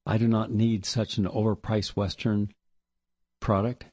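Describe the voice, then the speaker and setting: Man doing a furious thirsty desert guy, ranting and sneering, low husky voice. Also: level tone, unhurried, darkish tone, dry recording, highs cut off. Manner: ranting and contemptuous. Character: desperate, furious male desert fugitive, hostile.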